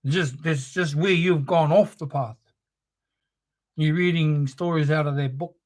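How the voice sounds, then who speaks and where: A man's voice: a little high, fairly even intonation, measured pace. A man giving an impassioned live-streamed monologue, preachy and confrontational, swearing heavily. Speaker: livestream host. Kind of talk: impassioned spoken-word monologue.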